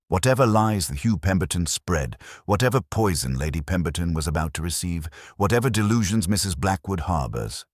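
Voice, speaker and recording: An indignant young man, voiced by a man, snapping back with heat. The tone is very deep and husky, with lively swings of pitch. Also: dry recording, clean studio sound. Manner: heated, indignant. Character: young man, furious and defensive.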